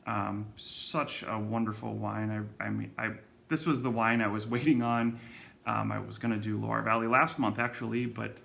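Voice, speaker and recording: In a laid-back video, a man hosts his wine shop's monthly wine club rundown, talking straight to camera. His voice sits on the low side, gravelly and a bit bright, with a flat delivery at a moderate pace. Ums and self-corrections crop up throughout.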